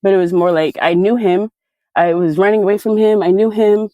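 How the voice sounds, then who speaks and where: A woman in her twenties from California, a guest speaker giving an emotional personal testimony, halting and tearful, with many fillers. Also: medium pitch, fairly even intonation, no echo, muffled recording. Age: 20s. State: crying.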